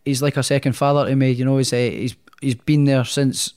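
A man's voice: medium pitch, a little fast, clean tone. A young man, a professional boxer telling stories in a casual interview, with many restarts. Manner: rambling, animated storyteller with many restarts.

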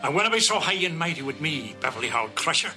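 A man's voice: fairly high pitch, sing-song, fast talker, music in the background. A cranky Scottish gremlin of a man. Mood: indignant. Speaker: character in a TV episode clip.

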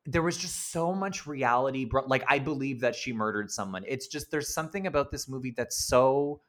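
A man with a mid-range voice co-hosts a casual film podcast, chatty and animated, quick to laugh and to act out quotes.

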